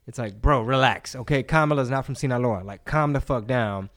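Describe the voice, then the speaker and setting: Dude cussing on a podcast, slangy and animated, normal pitched voice. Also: male voice, a little fast, few pauses. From Texas. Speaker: podcast co-host. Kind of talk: casual podcast chat.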